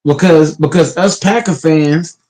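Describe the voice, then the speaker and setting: A man's voice: fairly high pitch, a little slow, dark tone, rough recording. A man hosting a casual online sports panel, talking emphatically and profanely, often repeating words as he restarts.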